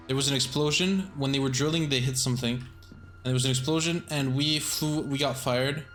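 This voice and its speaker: A man's voice: mid-range voice, fairly bright tone. A man streaming a horror game, chatting casually and joking, with a rambling, swearing way of talking. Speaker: streamer, sound designer. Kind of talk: casual gameplay commentary.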